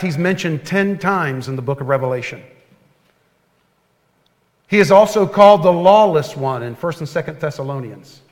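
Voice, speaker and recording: Earnest, higher-voiced preacher with hall echo. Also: male voice. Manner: earnest and folksy, dropping to a hush at tender points. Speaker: pastor. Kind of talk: sermon. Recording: long hall reverb.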